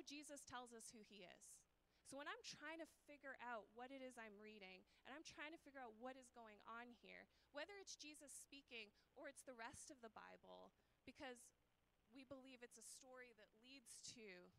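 A woman's voice: a little high, fairly bright tone, a little hiss or hum, rough recording. A woman in her thirties preaching a sermon as a guest speaker in a church, in an earnest, conversational and emphatic manner.

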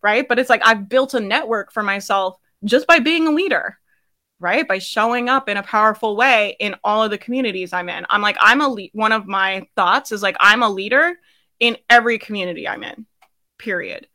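Bright-voiced energetic woman coaching. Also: mid-range voice, fairly quick. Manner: energetic, emphatic, laughs often, says "right?" a lot. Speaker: business coach hosting a live session. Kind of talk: casual motivational coaching talk.

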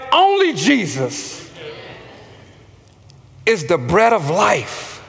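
Slow, high-voiced preacher man in a hall. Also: a bit bright. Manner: slow, emphatic preaching with call-and-response. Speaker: pastor. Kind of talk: sermon.

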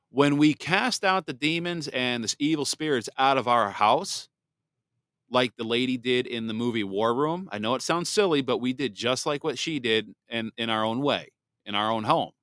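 Male podcast host, candid rambling testimony, dry close mic, mid pitch. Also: lively intonation, normal speed, a bit bright, dry recording. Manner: candid, rambling, with many restarts. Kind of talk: personal testimony monologue.

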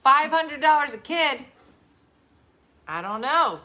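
A woman's voice: high voice, lively intonation, takes it slowly, bright, forceful tone. Chatty mother reading viewer comments. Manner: chatty, reading comments aloud, lots of mm-hmms. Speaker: host, mother. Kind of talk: casual livestream chat.

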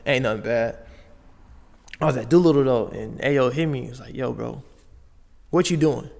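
A man's voice: mid-range voice, moderate pace, creaky, darkish tone, big-room sound. A young man from Las Vegas, a basketball player telling his story in loose, slangy casual talk full of fillers and restarts. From Las Vegas, USA.

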